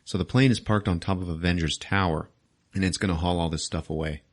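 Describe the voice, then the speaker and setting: Low-voiced man joking through a movie recap. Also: fairly even intonation, brisk. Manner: crude, laughing, swearing storyteller. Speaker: podcast host.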